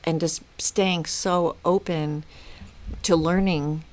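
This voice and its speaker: A woman's voice: fairly low pitch, steady tone, takes it slowly, a little mellow. A woman in her fifties, a mother speaking as a podcast guest, reflective and earnest with frequent restarts. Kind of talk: casual podcast conversation.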